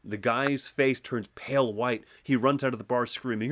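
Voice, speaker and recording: A man's voice: medium pitch, steady tone, normal speed, fairly bright tone. A man co-hosting a casual online game chat, telling jokes with stammering restarts. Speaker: podcast co-host.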